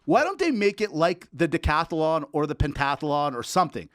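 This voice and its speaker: Animated, high-pitched male podcast host. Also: normal speed, no echo, studio quality. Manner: animated, joking, riffs and rants. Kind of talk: casual sports banter.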